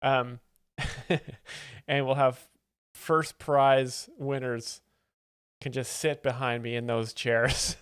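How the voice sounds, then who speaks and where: A man's voice: mid-range voice, level tone, slow, pauses often, clear, resonant tone, dry recording, studio quality. A man hosting a live stream, commenting playfully on a comedy clip and laughing often. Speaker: joke explainer host.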